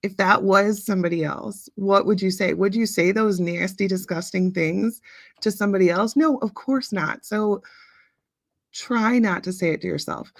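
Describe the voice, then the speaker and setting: Chatty woman with a gravelly voice. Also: medium pitch, steady tone, normal speed, no echo, clean studio sound. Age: late 30s. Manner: chatty, reads out viewer comments, frequent ums. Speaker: livestream host. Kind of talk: casual chat with live viewers.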